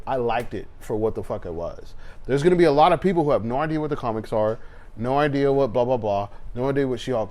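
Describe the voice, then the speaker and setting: A man co-hosting a podcast, chatting casually and excitedly, acting out scenes with quick voices. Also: medium pitch. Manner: animated, swearing, acts out scenes in quick voices. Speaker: podcast co-host. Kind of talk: casual chat.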